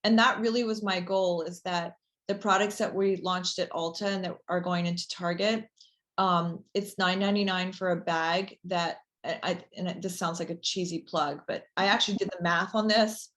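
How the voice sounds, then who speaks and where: A woman being interviewed as a company founder, talking casually and chattily with many fillers, warming into an enthusiastic pitch. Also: fairly even intonation, normal speed.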